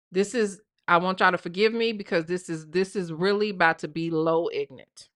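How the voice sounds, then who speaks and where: A woman's voice: lowish voice, a little fast, hardly any pauses. A woman hosting a live stream, giving casual, blunt and profane gossip commentary, often checking in with her viewers with "okay?". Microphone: live stream mic.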